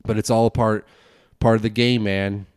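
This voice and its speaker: A young man hosting a casual solo podcast, rambling quickly with lots of restarts and swearing. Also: fairly low pitch, little pitch movement, a little mellow, smooth, no echo, clean studio sound. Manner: fast rambling talk, frequent swearing and restarts. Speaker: podcast host and broadcasting student.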